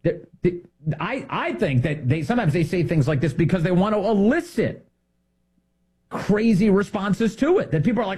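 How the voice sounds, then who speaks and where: A man hosting a political commentary show, talking in an indignant, emphatic way with sudden jumps in pitch. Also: lively intonation, normal speed, darkish tone, slightly rough.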